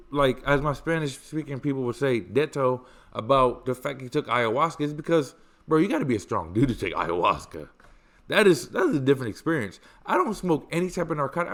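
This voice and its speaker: A man hosting a podcast, telling stories in a casual, animated way, swearing freely and stressing points through repetition. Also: a little high. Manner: animated, profane, emphatic repetition. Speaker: podcast host. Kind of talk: casual storytelling chat.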